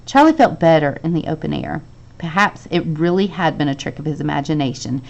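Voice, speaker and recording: Expressive woman reading a children's book. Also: low-pitched, fairly quick, gravelly, dull audio. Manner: expressive reading with lively voiced dialogue. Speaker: teacher reading to her class. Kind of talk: reading a children's novel aloud.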